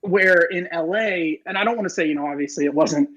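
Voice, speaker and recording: A man talking fast and rambling with lots of fillers in casual podcast chat. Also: fairly high pitch, fairly bright tone, rough recording. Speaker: podcast co-host.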